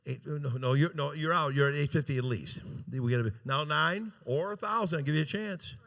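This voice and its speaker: A man's voice: on the high side, fairly quick, vocal fry, fairly bright tone. A man working as a charity auctioneer at a gala, calling bids live into a handheld mic and coaxing bidders with joking banter. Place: large gala event room.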